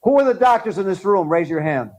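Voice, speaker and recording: A middle-aged man of Cuban background giving an animated talk at a dental conference, firing questions at the audience. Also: high voice, fast, rough recording.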